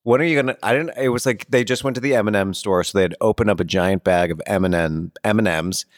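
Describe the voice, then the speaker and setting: A man's voice: low voice, fast, no echo. A man co-hosting a podcast, chatting with wry, dry humor. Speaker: podcast co-host. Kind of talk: casual chat.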